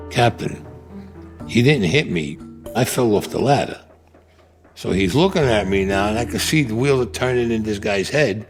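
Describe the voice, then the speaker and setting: A man's voice: fairly low pitch, expressive, moderate pace, music in the background. A man, telling his war stories bluntly in an interview and acting out the dialogue. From Brooklyn, New York. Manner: gruff, blunt street talk, acts out dialogue. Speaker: interviewee, Vietnam veteran. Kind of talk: storytelling interview.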